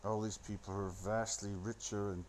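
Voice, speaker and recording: A man's voice: lowish voice, level tone, brisk, slight background noise. A man rambling into a phone, giving a sardonic, profane running commentary on a film. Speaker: solo commentator.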